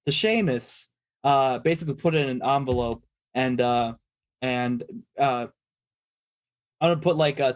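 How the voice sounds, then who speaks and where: A man's voice: mid-range voice, unhurried, long pauses, clear, resonant tone, no echo. Dude narrating his character's moves in a tabletop game, lots of ums and restarts. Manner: rambling, full of ums and restarts. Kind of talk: casual in-character narration of actions.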